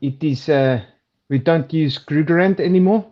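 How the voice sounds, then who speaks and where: A man's voice: fairly high pitch, moderate pace. A man co-hosting a casual chat show, joking and rambling in streetwise slang. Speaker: co-host. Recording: dull lo-fi stream audio.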